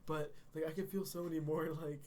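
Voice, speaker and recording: A man's voice: a little high, little pitch movement, a little fast, a little mellow, a little hiss or hum. A young man co-hosting a podcast, chatting casually and joking around with a laugh. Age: young adult. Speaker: podcast co-host.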